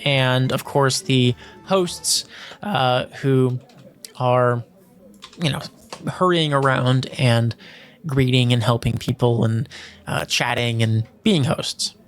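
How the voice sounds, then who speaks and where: A man's voice: mid-range voice, slow pace, soft background music. A man narrating scenes as game master of a tabletop role-playing game, describing at length with many fillers.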